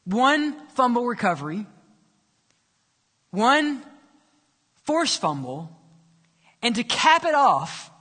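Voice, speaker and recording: A male pastor preaching and telling a story, dramatic, dropping soft and low for quoted lines. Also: big pitch swings, takes it slowly, long pauses. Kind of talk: sermon storytelling. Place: church sanctuary. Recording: long church reverb.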